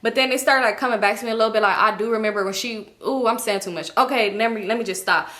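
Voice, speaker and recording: A young woman casually telling a story to her viewers, chatty and slangy, swearing freely and acting out the people she quotes. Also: fast talker. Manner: animated, acts out quotes with a higher voice. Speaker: storytime YouTuber.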